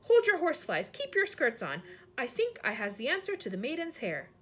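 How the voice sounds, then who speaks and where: A woman's voice: on the high side, huge pitch swings, moderate pace, a bit bright, husky, full character voice. A woman voicing a friendly male giant who mangles his words, reading aloud from a storybook. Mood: cheerful. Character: big friendly male giant, jumbled grammar.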